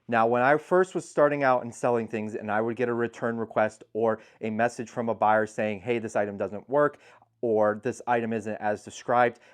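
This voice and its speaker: A man hosting his channel, giving frank, matter-of-fact advice on handling buyer returns in a casual talk to the camera. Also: medium pitch. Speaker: eBay seller and channel host.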